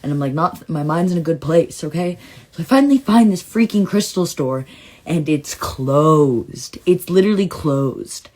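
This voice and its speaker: A woman with a low, husky voice tells a personal story in a casual monologue. She rambles and circles back, leaning on "like" as she goes. At times she leaps into a bright, excited retelling. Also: moderate pace. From Southern California. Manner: rambling and emotional, heavy use of "like"; swings into excited, high-pitched retelling. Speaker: storytime vlogger.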